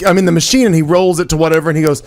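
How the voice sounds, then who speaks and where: Fast-talking, higher-voiced man co-host. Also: steady tone, darkish tone. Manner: quick teasing quips. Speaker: podcast co-host. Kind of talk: casual chat.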